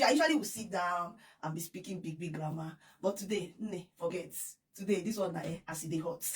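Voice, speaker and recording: A Nigerian woman vlogs with bubbly, giggly excitement, pressing the same appeals again and again. Her voice sits at an ordinary middle pitch for a woman. She sounds a little distant from the microphone. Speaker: vlogger. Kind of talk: excited news vlog.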